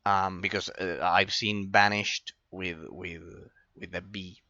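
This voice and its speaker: A man's voice: sits low, flat delivery, slow, pushed and bright, no room sound, dull audio. A man giving casual let's-play commentary, thinking aloud, trailing into fillers and swearing now and then. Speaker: gameplay commentator.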